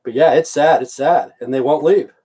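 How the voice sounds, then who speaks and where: At a moderate pace, a middle-aged American man delivers a heated vlog rant into the camera, full of profanity and repetition. His voice is on the high side, warm in tone, and slightly rough.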